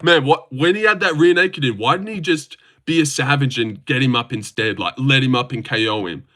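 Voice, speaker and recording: A man's voice: mid-range voice, brisk, bright, forceful tone. A man streaming live, reading chat comments aloud and answering them in profane, heated rants.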